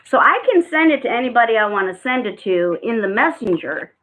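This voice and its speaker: A woman's voice: a little high, animated, fairly quick, a bit bright, slight background noise. A woman reading tarot cards in a casual live-stream chat, talking in a rambling way with frequent fillers. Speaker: tarot card reader. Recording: tinny phone-like sound.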